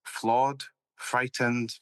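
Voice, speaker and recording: A man's voice: medium pitch, little pitch movement, extremely slow, a bit bright, clear, resonant tone. A man hosting an interview, hesitant with many fillers and restarts. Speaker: interview host, filmmaker. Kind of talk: casual interview conversation.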